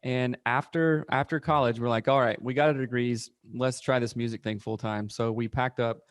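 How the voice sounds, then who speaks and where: A man from South Carolina, a podcast guest, telling his story in a relaxed, joking way. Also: mid-range voice, normal speed, no room sound, clean studio sound. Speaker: podcast guest, marriage therapist. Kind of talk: casual interview chat.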